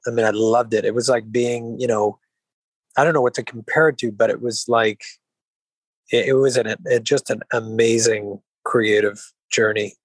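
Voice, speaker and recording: A man, an actor being interviewed, who talks in an even-keeled, mellow way, rambling with frequent restarts and filler phrases. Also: mid-range voice, normal speed, no echo, rough recording. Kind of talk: relaxed interview conversation.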